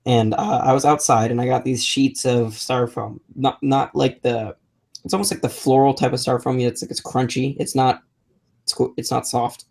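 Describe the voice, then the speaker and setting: A man's voice: mid-range voice, steady tone, moderate pace, gravelly, darkish tone. Man telling rambling stories, casual. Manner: rambling storyteller, many restarts. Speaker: podcast co-host. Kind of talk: casual chat.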